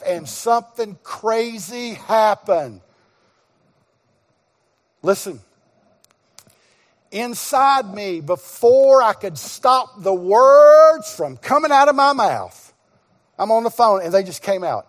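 High-voiced animated preacher in a reverberant hall. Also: male voice, measured pace. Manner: animated storyteller, acts out dialogue, bursts into shouts. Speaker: guest pastor. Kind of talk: sermon storytelling. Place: church sanctuary. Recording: long reverb of a church hall.

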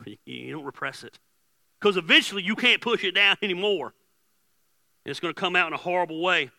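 Gravelly, bright-toned male pastor preaching. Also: high voice, expressive, quick pace, no echo. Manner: casual, joking preacher, swings from hushed to loud. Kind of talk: sermon.

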